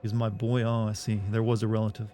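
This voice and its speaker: A man's voice: fairly low pitch, completely flat delivery, quick pace, mellow, slight background noise. A man streaming a game who argues with his chat in a casual, sarcastic way, swearing freely and sounding incredulous.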